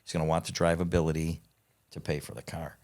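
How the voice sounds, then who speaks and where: A man telling stories as a podcast guest in casual chat, excitable and profane, swearing as he talks. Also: a bass voice, fast. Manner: excitable, profane, animated storyteller.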